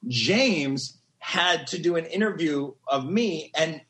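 A man in his thirties, a podcast guest, telling a story in a casual, animated, gushing way and acting out the quotes. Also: on the high side, takes it slowly.

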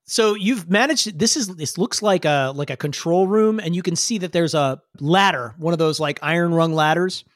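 A man's voice: a little high, moderate pace, few pauses, dry recording, clean studio sound. A man narrating as game master in a casual, loose way. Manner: loose, casual, many fillers.

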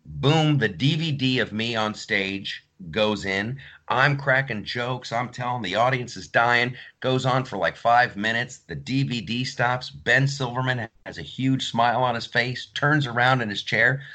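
A man's voice: mid-range voice, animated, normal speed, bright, forceful tone. A man telling a story in casual podcast chat, acting out other people's lines. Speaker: podcast host.

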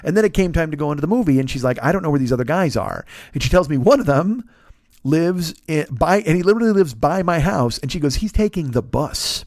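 Animated profane man in his fifties. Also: a little high, fast talker, no echo, clean studio sound. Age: 50s. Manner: animated, profane, self-mocking storytelling. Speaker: podcast host. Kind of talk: storytelling monologue.

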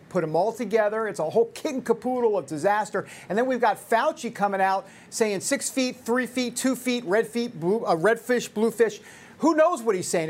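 A man hosting a talk show, animated and jokey, with mock-outraged asides and playful repetition. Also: sits high. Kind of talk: energetic talk radio hosting.

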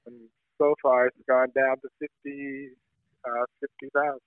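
A man's voice: medium pitch, little pitch movement, moderate pace, no room sound. A man talking as a journalist guest in an interview, building his points earnestly with pointed examples over a phone call. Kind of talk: conversational interview. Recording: tinny phone line.

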